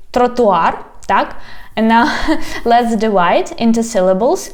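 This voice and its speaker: A woman from Ukraine, teaching a video language lesson and repeating words slowly syllable by syllable, her pronunciation a little impeded by braces. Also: on the high side, lively intonation.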